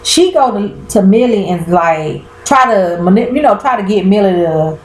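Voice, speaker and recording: A woman's voice: medium pitch, moderate pace. Chatty woman recapping a TV episode. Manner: chatty, colloquial, addresses viewers as y'all; animated, trails off and restarts often. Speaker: TV show recapper. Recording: roomy echo.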